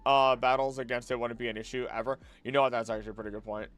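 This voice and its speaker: A man's voice: mid-range voice, little pitch movement, very fast, a bit bright. A young man streaming late at night, chatting casually and thinking aloud, often restarting his sentences and drifting off topic. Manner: rambling, easily distracted, musing aloud with many restarts.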